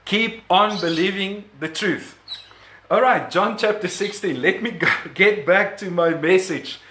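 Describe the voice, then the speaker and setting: A man's voice: high voice, a little slow, roomy sound, noisy background. A man preaching a sermon, emphatic, repeating key words and chuckling between points.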